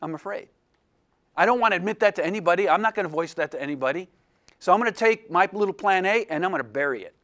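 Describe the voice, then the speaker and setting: A man, an illustration professor, telling a personal story in a lecture to a room of students, animated and self-deprecating, acting out the voices of the people in it. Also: sits high, quick pace.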